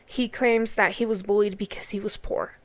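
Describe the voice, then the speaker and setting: A woman's voice: medium pitch, fairly even intonation, normal speed. A woman co-hosting a podcast in casual chat, blunt and emotional, swearing often and near tears. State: tearful. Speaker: podcast co-host.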